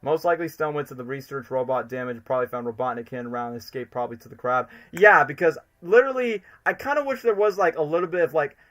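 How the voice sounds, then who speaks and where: Excitable rambling man, bright voice. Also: a little high, fast talker, hardly any pauses. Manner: excitable, rambling fan talk. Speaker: streamer host. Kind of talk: casual livestream commentary.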